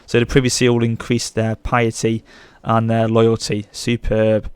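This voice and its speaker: A young man commenting on his strategy game as a let's play host, gushing with excitement. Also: fairly low pitch, unhurried, smooth, no room sound. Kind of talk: gameplay commentary.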